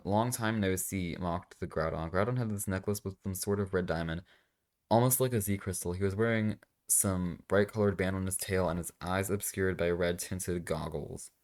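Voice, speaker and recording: A man with a low voice reads a fan story aloud in a comedic way. He keeps stopping to mock the writing with dry, sarcastic remarks, and his tone stays deadpan. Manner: sarcastic, deadpan asides between dramatic readings. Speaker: reaction video host. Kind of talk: comedic fanfic reading with commentary.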